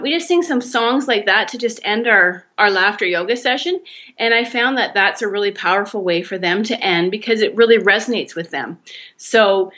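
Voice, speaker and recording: A woman's voice: medium pitch, a bit bright, highs cut off. A woman leading a laughter yoga exercise, encouraging and explaining each step.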